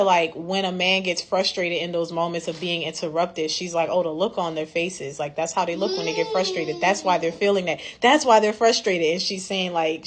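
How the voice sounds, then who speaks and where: Lowish-voiced woman talking a book over on camera, chatty, jumps into little voices when she quotes someone. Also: a bit bright, a little hiss or hum. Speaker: book club member reviewing a book. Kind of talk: casual book chat to camera.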